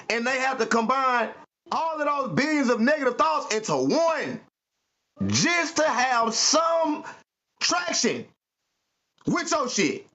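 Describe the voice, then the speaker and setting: Bright high-voiced man preaching emphatically. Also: highs cut off. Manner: emphatic, preachy, profane slang. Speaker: podcast host. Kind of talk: spiritual motivational talk.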